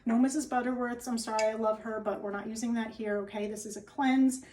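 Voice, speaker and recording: A woman's voice: fairly high pitch, steady tone, brisk, a little mellow, far from the mic, low-quality recording. A woman with a New Jersey accent chatting to camera as she demonstrates a recipe at home, often checking in with "okay?". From New Jersey, USA. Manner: chatty, keeps tagging lines with "okay?". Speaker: wellness cooking host. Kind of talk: casual cooking demo to camera. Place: home kitchen, indoors.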